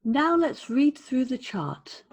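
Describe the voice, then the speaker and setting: Slow, gravelly British woman teacher. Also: high voice, sing-song, darkish tone. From Britain. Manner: deliberate, demonstrates sounds by repeating words. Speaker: English pronunciation teacher. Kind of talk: slow, careful pronunciation lesson.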